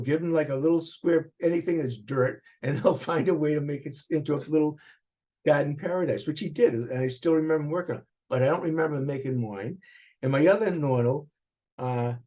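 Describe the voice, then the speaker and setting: An older man with a Boston accent recalling his upbringing in an interview, animated and rambling, with frequent restarts. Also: fairly high pitch, breathy edge. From Boston area, USA. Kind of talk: reflective interview recollection.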